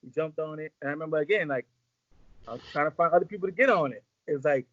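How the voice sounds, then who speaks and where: A man's voice: fairly high pitch, very fast, a bit bright, no echo. Guy rambling thru music biz stories, slangy, dry dull-sounding audio. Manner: loose, rambling, slangy, acts out quotes. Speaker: music executive guest. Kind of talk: casual storytelling interview.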